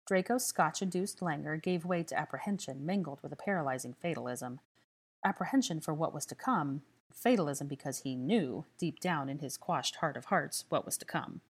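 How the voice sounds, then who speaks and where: A woman reading a story aloud as narrator, calm and even. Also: sits low, normal speed, breathy edge. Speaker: audiobook reader. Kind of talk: scripted narration.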